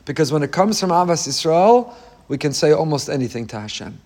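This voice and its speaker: Rabbi, male, high-pitched, preaching with passion and repeated phrases. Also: sing-song, quick pace, darkish tone. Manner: impassioned, repetitive rhetorical cadence. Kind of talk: Torah sermon on the weekly portion.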